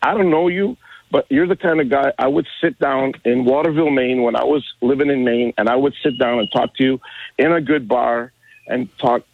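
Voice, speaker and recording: A man in his sixties calling into a radio show, rambling and halting with many restarts. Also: mid-range voice, husky, dry recording. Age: 60s. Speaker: caller. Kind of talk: casual call-in chat. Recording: tinny phone line.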